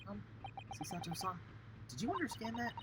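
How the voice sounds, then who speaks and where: A man's voice: high-pitched, big pitch swings, brisk, heavy background noise, voice pushed up. A man voicing an earnest young male student who asks questions tentatively. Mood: curious. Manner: inquisitive and tentative.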